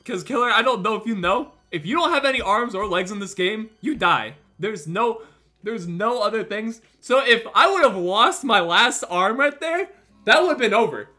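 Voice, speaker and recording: A young man in his early twenties doing excited gaming stream commentary, shouting and swearing with his throat strained from screaming. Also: high-pitched, normal speed, faint music behind. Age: early 20s.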